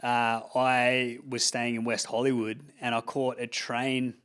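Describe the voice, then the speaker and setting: A man's voice: medium pitch, completely flat delivery, unhurried, a bit bright, smooth. An Australian man hosting a podcast, chatting casually and rambling through stories with lots of swearing and fillers. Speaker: podcast host. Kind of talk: casual chat.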